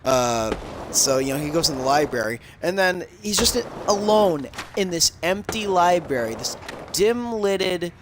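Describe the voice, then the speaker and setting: A man's voice: on the high side, animated, measured pace. A man casually retelling a movie plot on a game stream, rambling and swearing with many fillers. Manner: rambling, profane storytelling with lots of fillers. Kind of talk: casual chat. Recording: crackly audio with background noise.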